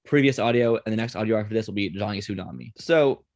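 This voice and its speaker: Host type: a quick-talking man leading a casual podcast chat, close and dry sound. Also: lowish voice, darkish tone, dry recording. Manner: quick, chatty, runs the segments.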